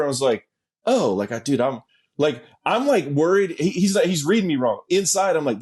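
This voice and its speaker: A middle-aged man spins casual stories as a guest, easygoing and liberally profane. He breaks into laughter partway through sentences. His voice sits at an ordinary pitch. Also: big pitch swings, fast, darkish tone, slightly rough. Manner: laid-back, profane, laughing asides. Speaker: interview guest. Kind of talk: casual storytelling.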